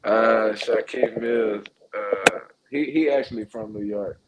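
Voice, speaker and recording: Man, boxer guest, fairly low voice, relaxed, hesitant, lots of uh and yeah. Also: takes it slowly, dull audio, a loud crowd. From Orange, Texas. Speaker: professional boxer. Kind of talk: casual interview answers.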